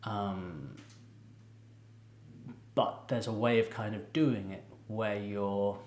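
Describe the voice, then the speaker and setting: A man with a lowish voice hosts a music reaction video and talks loosely, laughing often and circling back with ums and restarts. His voice carries the echo of a bare room. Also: fairly even intonation, takes it slowly, a little mellow. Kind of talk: casual reaction commentary.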